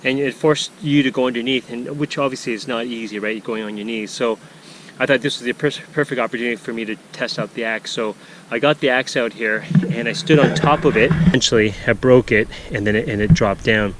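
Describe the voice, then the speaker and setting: A man's voice: medium pitch, a little fast, background noise. A man narrating a casual canoe-trip vlog outdoors on a forest portage, rambling with many fillers and restarts. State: out of breath.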